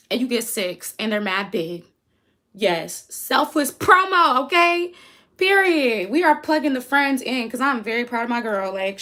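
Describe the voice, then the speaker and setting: A young American woman hosting a casual livestream, chatty and easily sidetracked, reading her chat aloud and hyping her friends. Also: mid-range voice. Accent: American English. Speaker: livestream host.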